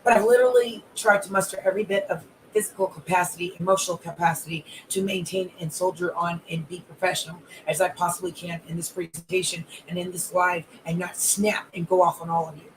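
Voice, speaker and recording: Calmly enraged coach with piled-up lists. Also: medium pitch, quick pace, hardly any pauses, slight background noise, rough recording. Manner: controlled anger, long repetitive lists of grievances. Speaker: life and wellness coach. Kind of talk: live audio-room monologue.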